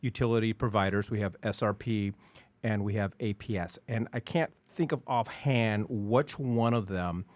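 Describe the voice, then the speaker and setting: A man's voice: on the low side, moderate pace, no room sound. A man co-hosting a casual podcast discussion who rants with animation and mocks people with made-up voices. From Arizona, United States. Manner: animated ranting, mocking voices. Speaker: podcast co-host.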